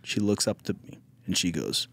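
A man's voice: deep voice, sing-song, moderate pace, gravelly, a bit bright. A man hosting a casual podcast chat, candid and rambling, swearing as he tells stories. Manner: candid, rambling, profane storytelling. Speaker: podcast host.

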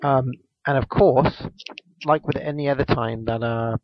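A man's voice: mid-range voice, fairly even intonation, unhurried, dry recording. A man, casually recapping a wrestling match on a podcast, rambling with lots of ums and restarts. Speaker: podcast co-host. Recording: dull, lo-fi dry podcast mic.

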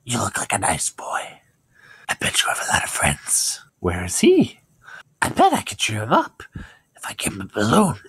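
A man voicing an evil shape-shifting clown who swings from whispers to shrill giggles. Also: huge pitch swings, normal speed, a bit bright, breathy edge, no room sound, full character voice. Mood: creepy, teasing.

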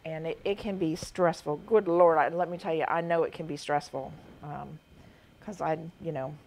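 A woman's voice: deep voice, fairly even intonation, moderate pace, darkish tone. A middle-aged woman, chatting casually and laughing often as host of a quilting livestream, drifting off topic.

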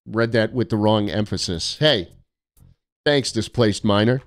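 A man's voice: on the low side, a little slow, faint music behind. A young man streaming casually, reading viewer postcards aloud with sarcastic, mock-arrogant jokes.

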